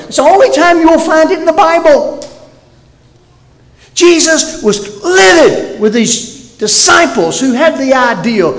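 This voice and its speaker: Male pastor, sermon, high voice, lively swooping delivery, echoey church hall. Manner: animated preaching, swings from loud emphasis to near-whispered lows. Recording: roomy hall reverb.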